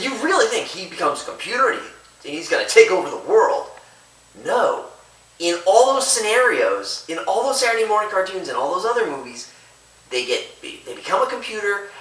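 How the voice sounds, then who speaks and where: This man chats through a movie review in a lively, up-and-down voice that rambles and keeps restarting. His tone is bright and edgy. He sits a little away from the mic, in an echoey room. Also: high-pitched, moderate pace, far from the mic. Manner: rambling, chatty, self-interrupting. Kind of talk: casual video review.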